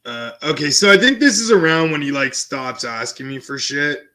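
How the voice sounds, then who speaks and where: A young man streaming, telling a story and reading out text messages in a casual, profane, animated way. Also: a little high, moderate pace. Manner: animated and profane, switching between quoting and commenting.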